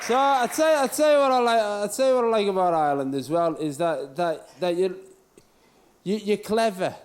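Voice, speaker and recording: A man's voice: high-pitched, lively intonation, normal speed, some chatter behind. A man from England doing a stand-up comedy set on a club stage, rambling and sweary with mocking asides.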